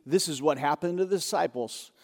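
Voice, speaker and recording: A man preaching a sermon, telling the story in an animated, conversational way and acting out the dialogue. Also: on the high side, fairly quick. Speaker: pastor. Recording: long hall reverb.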